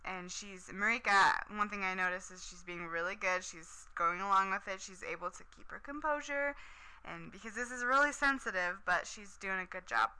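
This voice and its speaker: A woman's voice: medium pitch, normal speed, pushed and bright, clear, resonant tone, poor audio. A woman casually recapping a TV episode, chatty and enthusiastic, with lots of "um" and "like".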